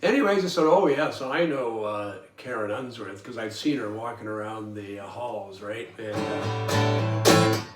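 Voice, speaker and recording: A chuckling older man from Toronto, in his seventies, tells rambling personal stories as a podcast host, folksy and full of ums and uhs. He speaks at a measured pace in a fairly low voice. The sound is roomy from a distant microphone, and faint guitar music plays underneath.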